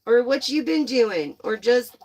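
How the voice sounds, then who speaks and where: A young woman giving a casual, excitable tarot reading to her viewers, gushing and swearing freely. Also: a little high, unhurried. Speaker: tarot reader.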